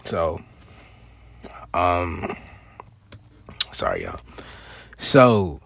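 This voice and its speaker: A man's voice: low voice, huge pitch swings, very slow, creaky, fairly bright tone, dry recording. A man casually telling a personal story in loose street slang, peppered with "you know what I'm saying.". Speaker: storyteller host.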